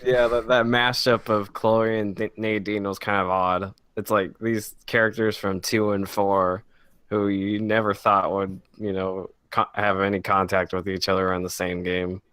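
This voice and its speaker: Man with a smooth low voice. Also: level tone, unhurried, fairly bright tone, no room sound. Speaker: podcast co-host. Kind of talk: casual chat.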